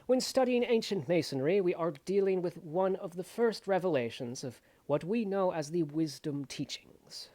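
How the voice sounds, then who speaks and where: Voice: medium pitch, lively intonation, normal speed, few pauses, mellow, voice pushed up, natural voice. A reader putting on a transatlantic accent to play a solemn mid-century male esoteric lecturer, declaiming grandly with a voice that is giving out. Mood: solemn lecturing. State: losing voice. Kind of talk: lecture reading impression.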